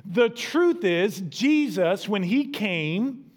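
A man's voice: high-pitched, expressive, very slow. A middle-aged man preaching a sermon in church, talking casually and building to emphatic peaks. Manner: conversational, rises to emphatic peaks. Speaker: pastor.

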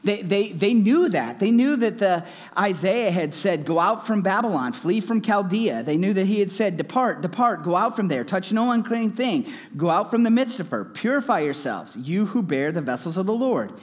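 A man preaching a sermon as a pastor, animated and swinging up into loud, emphatic exclamations. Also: high-pitched, moderate pace, hardly any pauses, in a large hall.

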